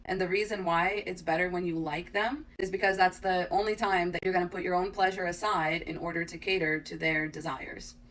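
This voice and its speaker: A woman's voice: fairly low pitch, steady tone, fairly quick, few pauses, fairly bright tone, slight background noise. A woman giving a blunt, casual opinion with swearing, recorded from a distance. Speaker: TikTok creator. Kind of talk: opinion rant to camera.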